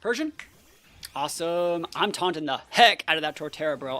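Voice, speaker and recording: A young adult giving casual, excitable live gameplay commentary as a channel host, full of "like" and "bro". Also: mid-range voice, normal speed, faint music behind. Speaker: competitive battle player and channel host.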